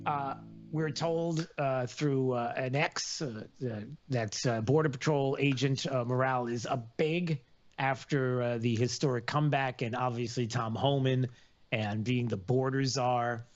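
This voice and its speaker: A man hosting a live radio talk show, rambling with many fillers and sudden loud outbursts. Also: mid-range voice, steady tone, unhurried, highs cut off.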